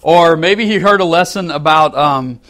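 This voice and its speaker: High-voiced man telling a sermon story. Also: normal speed, slight background noise. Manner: animated storyteller, acts out angry quotes, chuckles with the crowd. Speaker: preacher.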